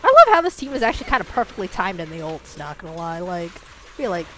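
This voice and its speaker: A woman's voice: lowish voice, big pitch swings, fast talker, music in the background. A woman streaming a game and chatting casually with her viewers, rambling and swearing freely, with many "like" fillers and restarts. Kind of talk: casual live-stream chat while gaming.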